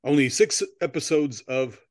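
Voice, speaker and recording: A man's voice: mid-range voice, moderate pace, no room sound, clean studio sound. A man hosting a casual comedy podcast who jokes around, goes off on goofy tangents and laughs often. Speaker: podcast host.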